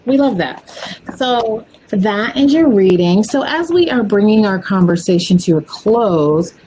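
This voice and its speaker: A woman hosting a podcast, talking in a relaxed, measured and upbeat way. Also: medium pitch, a little hiss or hum, poor audio. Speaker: podcast host. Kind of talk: casual podcast interview.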